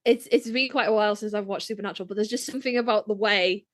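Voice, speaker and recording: A woman's voice: mid-range voice, racing, dry recording, clean studio sound. A woman co-hosting a fan podcast, chatting casually and bluntly, swearing freely. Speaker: podcast co-host.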